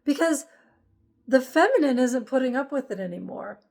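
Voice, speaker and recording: A woman's voice: high voice, lively intonation, moderate pace, vocal fry, a little mellow. A woman giving an emphatic, repetitive spiritual monologue as host of her channel.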